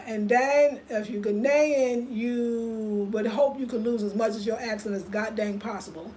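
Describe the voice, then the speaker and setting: A woman's voice: a little high, low-quality recording. An American woman with an African American English accent, telling stories in a casual vlog and acting out other people's lines. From United States. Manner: animated, acts out other people's voices in quotes. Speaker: vlogger. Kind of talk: casual storytelling monologue.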